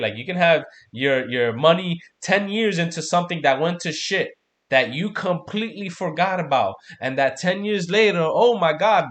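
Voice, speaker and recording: A slightly high man's voice with a fairly bright tone hosts a casual crypto trading livestream. He talks through charts loosely and with profanity, frequently dropping "man" and "right?".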